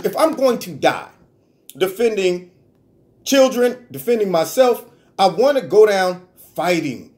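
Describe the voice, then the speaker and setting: A man delivering an animated, argumentative political commentary monologue, full of rhetorical questions. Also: sits high. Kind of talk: opinion vlog monologue.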